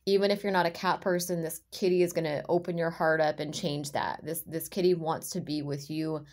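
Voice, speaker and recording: Earnest lower-voiced woman reading tarot. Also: fairly even intonation. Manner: rambling, heartfelt, halting restarts. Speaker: tarot reader. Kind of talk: intuitive tarot reading to viewers.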